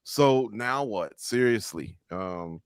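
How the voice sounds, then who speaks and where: A man's voice: lowish voice, animated, slow, smooth, no echo. A man co-hosting a live sports roundtable in casual chat, rambling and reading out viewer comments.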